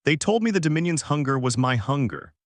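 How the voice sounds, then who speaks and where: A man's voice: on the high side, big pitch swings, a little fast, dry recording, studio quality. A man voicing a cold, proud alien empress who speaks in clipped, imperial tones. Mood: hushed. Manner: imperial, clipped, quietly breaking.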